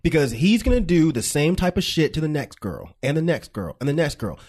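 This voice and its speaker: A man co-hosting an advice podcast, blunt, profane and animated. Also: on the high side, brisk. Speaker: podcast co-host. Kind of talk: casual advice chat.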